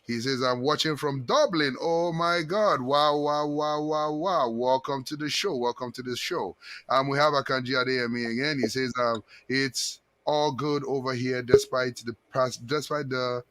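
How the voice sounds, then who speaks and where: A male talk show host, chatty and repetitive as he greets viewers one by one. His voice sits at an ordinary pitch and is recorded dry and close, with no room sound. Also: fairly even intonation, moderate pace, fairly bright tone, dry recording. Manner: chatty, reads out viewer comments, repeats himself. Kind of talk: casual live-stream chat.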